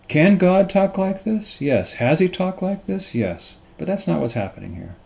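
A middle-aged man teaching from the Bible, halting and repeating himself, stressing points with rhetorical questions. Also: sits high, very animated, creaky, darkish tone. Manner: halting, repeats words and restarts. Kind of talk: slow unscripted Bible teaching.

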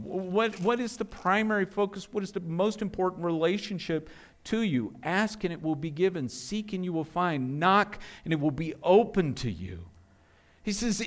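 A middle-aged male pastor preaching a sermon with earnest rhetorical questions, often restarting his words. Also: fairly high pitch.

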